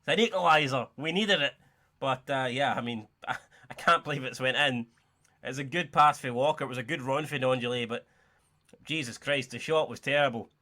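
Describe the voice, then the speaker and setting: A young man giving excitable, sweary, joking play-by-play commentary while playing a football video game. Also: mid-range voice, fairly quick. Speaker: gaming YouTuber.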